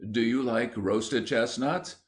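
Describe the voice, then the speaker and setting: A man's voice: mid-range voice, takes it slowly, close to an everyday voice. A man voicing a weary but kindly middle-aged politician, speaking soothingly.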